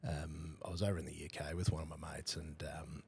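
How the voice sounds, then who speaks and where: A man's voice: a bass voice, flat delivery, fairly quick, gravelly, darkish tone, husky. An Australian man hosting a podcast, telling loose, rambling stories in a casual interview chat. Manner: loose, rambling storyteller with bursts of laughter and swearing. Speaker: podcast host.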